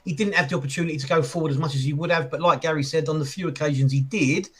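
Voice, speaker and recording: A man's voice: on the high side, racing, a bit bright, husky. A man co-hosting a casual football chat, hedging every opinion with "I think". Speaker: podcast co-host.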